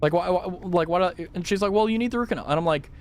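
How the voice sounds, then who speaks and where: A young man streaming a game and telling a rambling, swear-heavy story in casual chat, laughing loudly at times. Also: high voice, rapid-fire. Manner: animated, loud laughs. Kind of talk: casual chat while gaming.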